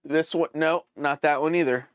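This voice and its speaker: A man hosting a casual live stream, thinking aloud as he troubleshoots and answers viewers' chat with hesitant, halting phrasing. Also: fairly high pitch, steady tone, clean tone, no echo, studio quality. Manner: hesitant, many fillers and restarts.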